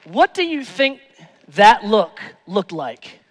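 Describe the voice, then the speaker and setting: A male pastor preaching a sermon, moving between hushed, tender lines and loud, emphatic ones. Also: sits high, very animated, slow pace, in a large hall. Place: church sanctuary.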